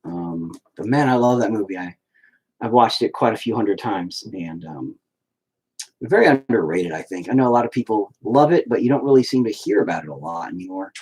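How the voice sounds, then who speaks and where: A man's voice: lowish voice, lively intonation, fairly quick, a little mellow, husky. A man hosts a casual live stream and talks straight to his viewers. He rambles from one thought to the next and swears freely. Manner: profane, rambling.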